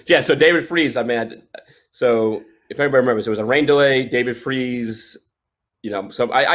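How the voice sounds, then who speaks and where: A man in his forties, a sports photojournalist guest, telling stories in casual chat with many restarts and fillers. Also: lowish voice.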